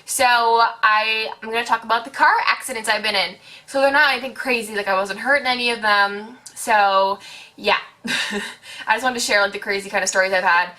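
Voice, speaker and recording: A chatty teenage woman telling a storytime vlog, her voice sitting a little high and sounding very bright. She rambles along animatedly, with "like" in nearly every phrase. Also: normal speed. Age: late teens. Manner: chatty, heavy use of "like", animated retelling. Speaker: vlogger.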